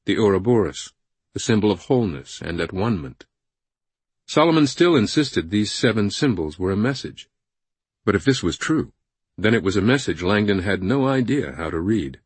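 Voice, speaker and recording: A man narrating a thriller audiobook in a measured, suspenseful way on a close studio microphone. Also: fairly low pitch, breathy edge, no echo.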